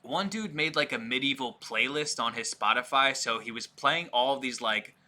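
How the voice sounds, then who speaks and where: Bright-voiced man telling a story. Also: medium pitch, normal speed. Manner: rambling, self-deprecating. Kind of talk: casual storytelling chat.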